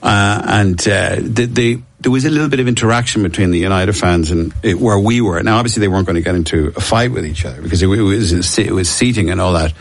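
Give me a middle-aged Irish man reminiscing in a rambling way, low-ish voice, dry recording. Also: quick pace, hardly any pauses, dry recording. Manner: rambling storyteller, many restarts and laughs. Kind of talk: casual chat.

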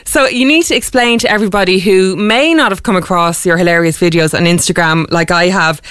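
A woman's voice: fairly low pitch, a little fast, a bit bright, clean tone, no echo, studio quality. Teasing Irish woman radio host. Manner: teasing, playful, laughs often. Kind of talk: casual radio interview. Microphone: studio microphone.

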